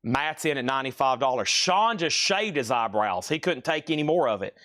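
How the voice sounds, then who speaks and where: A man hosting a live-stream record auction, rattling off prices and bids in quick, playful sales patter. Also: mid-range voice, animated, sharp tone.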